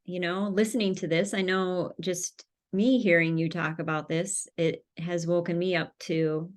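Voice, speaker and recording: A woman's voice: lowish voice, fairly even intonation, measured pace. A woman, a life coach co-hosting a vlog, speaking in casual chat as a supportive listener. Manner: supportive listener with frequent affirming murmurs.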